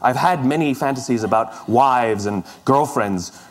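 A middle-aged man talks through a story in a relaxed, conversational way, poking fun at himself and often starting sentences over. His voice sits in a middle range. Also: medium pitch, a little slow. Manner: conversational, self-deprecating, with frequent restarts. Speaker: speaker. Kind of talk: storytelling talk.

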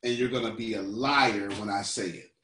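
A man's voice: lowish voice, steady tone, normal speed, a bit bright, reverberant, distant mic. A man coaching a group, talking playfully and teasing, laughing often. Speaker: business coach.

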